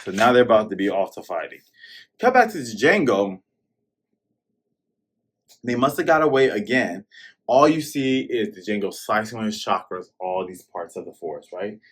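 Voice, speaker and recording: A man recaps a comic chapter in a loose, chatty way. His pitch swings high and low as he acts out the fights with plenty of energy. He sounds like a host talking straight to his regular viewers. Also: moderate pace, pauses often, slightly rough. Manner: animated, excitable retelling that acts out scenes. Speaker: manga review host.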